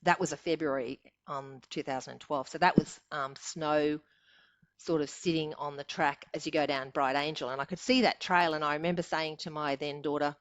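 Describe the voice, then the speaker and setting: A woman's voice: deep voice, fairly even intonation, normal speed, no echo. An Australian woman in her sixties, a podcast guest telling her stories in a chatty way and laughing often. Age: 60s. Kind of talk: casual storytelling.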